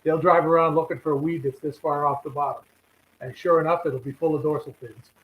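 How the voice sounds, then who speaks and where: A man's voice: a little high, fairly even intonation, brisk, reverberant, phone-quality sound. A man, a regular guest on a live fishing show, telling rambling anecdotes full of quoted dialogue. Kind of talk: casual storytelling chat.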